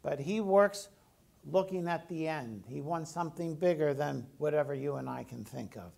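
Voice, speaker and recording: Preacher: man with a fairly high, gravelly voice, chatty sermon style, asks the room questions. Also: moderate pace, darkish tone. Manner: conversational, asks the congregation questions. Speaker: pastor.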